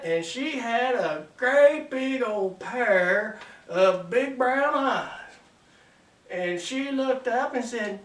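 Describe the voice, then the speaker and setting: A man hosts his comedy show with a folksy, wry drawl, taking his time with every line. His voice sits in a middle range. The recording is roomy and distant. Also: very high-pitched. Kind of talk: folksy comic storytelling. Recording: roomy sound from a distant mic.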